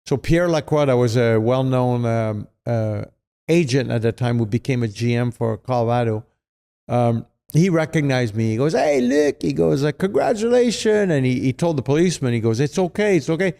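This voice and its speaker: A middle-aged retired hockey player, a native French speaker with a French-Canadian accent, tells casual stories as an interview guest. His voice is mid-range and clean, at a moderate pace. He's animated, uses frequent fillers and acts out the voices of people he quotes.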